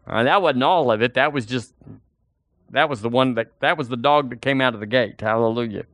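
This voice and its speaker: A man's voice: medium pitch, fairly quick, fairly bright tone, dry recording, studio quality. A man preaching a sermon as pastor, folksy and full of rhetorical questions.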